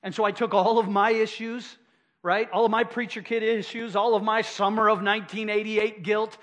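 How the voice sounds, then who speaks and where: A man's voice: high-pitched, little pitch movement, moderate pace, a bit bright. A middle-aged man pastor delivering a sermon, emphatic and repeating key phrases for effect.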